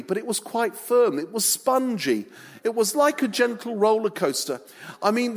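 A man's voice: high voice, in a large hall, pitched above the performer's own voice. A preacher putting on a boastful, self-satisfied male fisherman apostle who keeps repeating his brags.

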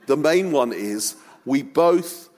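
Humorous preacher, echoing hall. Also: male voice, medium pitch, slow pace. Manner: humorous, animated storytelling, self-deprecating. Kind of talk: sermon. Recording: long echoing church reverb.

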